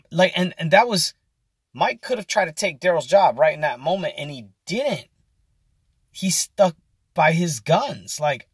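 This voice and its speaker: A man's voice: on the high side, animated, unhurried, breathy edge, dry recording, clean studio sound. A man in his forties telling a story in a casual, rambling vlog with many fillers and restarts. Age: 40s. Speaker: vlogger.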